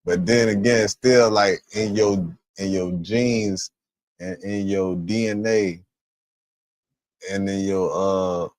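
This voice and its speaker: A man's voice: low voice, steady tone, slow, a little mellow, no echo. A man hosting a stream who gives rambling, profane reaction commentary and sometimes gropes for words. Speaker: stream host.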